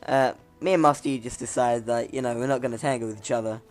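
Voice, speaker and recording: A man's voice: mid-range voice, steady tone, fast, soft background music. A man casually commenting over his gameplay, rambling, laughing at himself, his voice cracking now and then. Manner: rambling, chuckling, self-mocking.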